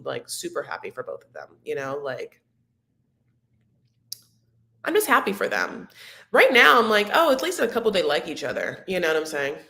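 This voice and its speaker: A woman's voice: deep voice, fairly bright tone. A woman hosting a live reality TV recap, chatting in a campy, gossipy way, full of "like" and "honey". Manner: chatty and campy, calls viewers honey and my loves; rambling, full of likes and restarts.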